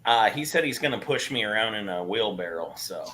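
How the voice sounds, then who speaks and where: A man's voice: fairly low pitch, animated, brisk, pushed and bright, slight background noise. A man chatting casually and joking around with friends on a video call. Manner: joking, trying silly accents. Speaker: panelist. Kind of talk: casual chat.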